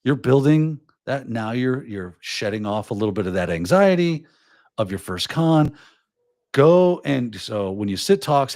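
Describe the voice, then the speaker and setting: A man's voice: mid-range voice, no echo, studio quality. A man hosting a casual live show, giving advice and acting out little quoted scenes as he talks. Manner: animated, acts out little scenes in quoted voices. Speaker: podcast host.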